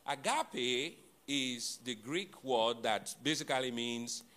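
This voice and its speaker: Male pastor, sermon, slow deliberate delivery, bright tone, repeats key words, jokes with the congregation. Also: medium pitch. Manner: animated preaching with playful asides to the congregation.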